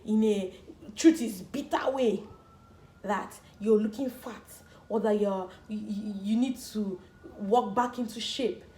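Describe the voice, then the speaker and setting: A young woman speaks earnestly to camera, pressing her points and repeating words for emphasis. Her voice sits high. The room around her rings with echo. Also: a little mellow. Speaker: vlogger. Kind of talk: personal talk to camera. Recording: echoey room.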